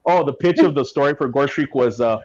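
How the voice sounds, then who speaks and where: Male podcast guest, casual and animated storyteller, mid-pitched, muffled lo-fi recording. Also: a little fast. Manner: animated, acts out quotes from people in his stories. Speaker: guest comic writer. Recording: dull lo-fi sound.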